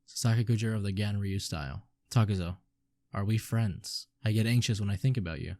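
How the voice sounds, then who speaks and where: A man's voice: fairly low pitch, fairly quick, dark tone, no echo, natural voice. Drunk jolly young wanderer guy, rambly and giggly, a man reading it, dry close sound. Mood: drunk merry.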